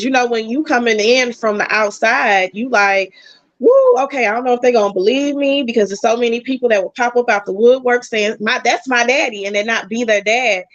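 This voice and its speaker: A woman guest chatting casually, telling a personal story in animated bursts. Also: on the high side, no room sound. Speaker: podcast guest. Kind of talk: casual chat. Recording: dull, dry lo-fi sound.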